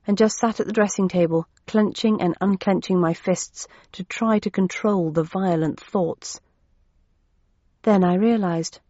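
A woman narrating a first-person novel in a steady, measured way. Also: medium pitch, dry recording. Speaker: audiobook narrator. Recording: dull, dry lo-fi recording.

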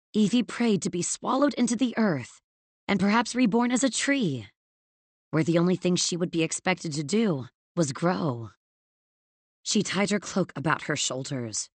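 A woman narrating a novel in a measured, expressive storytelling manner. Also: fairly low pitch, dry recording. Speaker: audiobook narrator. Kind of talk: scripted narration.

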